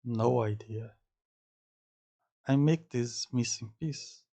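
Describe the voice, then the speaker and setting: A man speaking English as a second language, halting and searching for words, repeating words to practice saying them as he reacts to an anime. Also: mid-range voice, mellow. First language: not English. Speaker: anime reaction channel host. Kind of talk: casual theory-crafting reaction.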